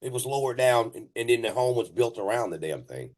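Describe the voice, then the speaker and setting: A man who owns a moving company, telling stories on a casual podcast, animated and profane, laughing and restarting his sentences. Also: mid-range voice, brisk. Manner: many restarts and repeated words.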